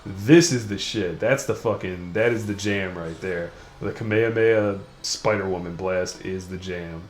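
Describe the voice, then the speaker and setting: A young man with a low voice and fairly even intonation talks at normal speed while hosting a gaming video. His casual let's-play commentary rambles, crude and self-mocking, in an echoey room with faint noise.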